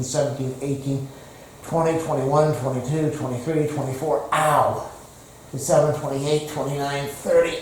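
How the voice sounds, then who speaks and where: A man's voice: medium pitch, a little mellow, slight background noise. A man who is out of breath, counting exercise reps aloud between groans and rambling asides to the camera. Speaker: fitness vlogger. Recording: very echoey room.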